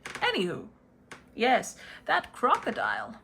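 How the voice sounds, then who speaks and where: A chatty wizard puppet rambles on with theatrical flourishes, as a woman puts him on. The voice sits fairly high, with a gravelly, creaky edge and a bright, forceful tone. He talks slowly and deliberately. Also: huge pitch swings, slight background noise, exaggerated voice. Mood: rambling. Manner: playful, theatrical, drifts into a posh put-on accent. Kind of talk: puppet tarot reading.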